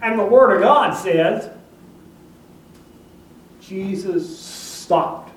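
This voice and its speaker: A man preaching a sermon, telling a story dramatically and swinging between hushed and loud. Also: high-pitched, extremely slow, reverberant, distant mic, slight background noise, rough recording.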